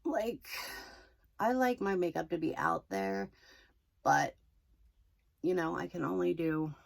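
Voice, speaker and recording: Slow, gravelly-voiced woman vlogger. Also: fairly low pitch. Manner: chatty, rambling, self-deprecating. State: slightly hoarse, losing her voice. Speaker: makeup vlogger. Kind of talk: casual makeup tutorial.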